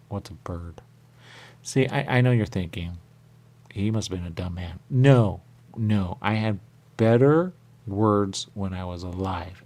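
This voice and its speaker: A confused ghost of a dead man, put on by a man rambles in circles, repeating words and trailing into whispers. The voice sits very low with a gravelly rasp. It comes across as improvised comedy. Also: a little mellow. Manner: rambling, repetitive, drifting into whispers.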